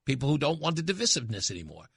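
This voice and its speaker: A man hosting a talk radio show, giving emphatic, impassioned commentary that swings from loud to hushed. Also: a little high, very animated, racing, husky, no echo, studio quality.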